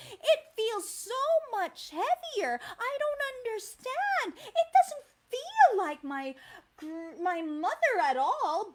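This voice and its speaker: A woman's voice: very high-pitched, pitched above the performer's own voice, full character voice. A woman with a Filipino accent voicing a sheltered, curious young girl in a fairy tale, wondering aloud. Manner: wondering, talks to the kids.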